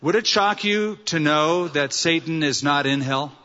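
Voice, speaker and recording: Man, pastor, sermon, earnest, rhetorical questions, bright, dull recording, long church reverb. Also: fairly high pitch, measured pace.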